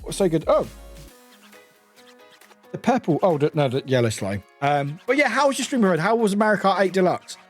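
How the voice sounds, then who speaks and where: Excitable British man streaming a game. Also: high-pitched, normal speed, pauses often, faint music behind. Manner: excitable, laughing, loud yelps and swearing. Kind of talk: live game streaming chat.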